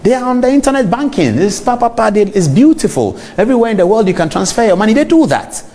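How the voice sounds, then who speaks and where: A man's voice: high voice, fast talker. A middle-aged man with a Ghanaian English accent, hosting a TV talk show and speaking straight to his viewers. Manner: animated, talks straight to viewers. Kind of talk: on-air commentary.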